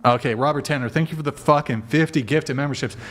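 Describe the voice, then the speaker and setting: A man's voice: a little high, quick pace, fairly bright tone. A man hosting a casual livestream, talking in a brash, profane, bossy way as he directs his guests. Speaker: livestream host.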